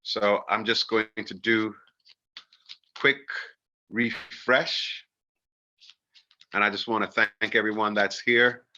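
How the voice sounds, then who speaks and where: A man with a very bright, forceful voice gives a livestreamed oracle card reading in a soft, earnest and spiritual way. The sound is dull and lo-fi, like audio from a phone. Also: on the low side, level tone, slow pace, pauses often.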